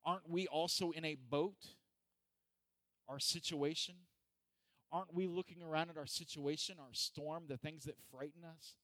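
A man's voice: a little high, steady tone, moderate pace, a bit bright, no echo. A man preaching a sermon, earnest and repetitive, building to emphatic peaks.

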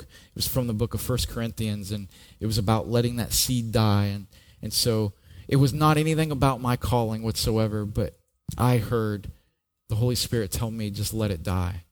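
Here a middle-aged man, a pastor, relates his own experiences within a sermon. His voice is lowish and a little mellow, and his earnest delivery features frequent word repetition at the start of thoughts.

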